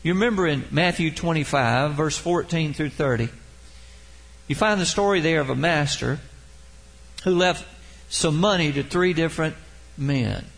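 A man delivering a sermon with an earnest preaching manner. His voice sits a little higher than most men's. He reads scripture aloud and stretches out the words he wants to stress. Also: moderate pace, vocal fry, long pauses, fairly bright tone, poor audio. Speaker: pastor.

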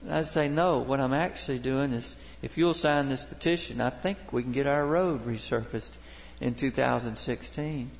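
A Baptist pastor preaching a sermon, telling folksy, humorous stories from daily life. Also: male voice, medium pitch, normal speed, creaky, few pauses, a little hiss or hum. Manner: folksy storytelling, homespun humor. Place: church sanctuary. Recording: long reverb of a church hall.

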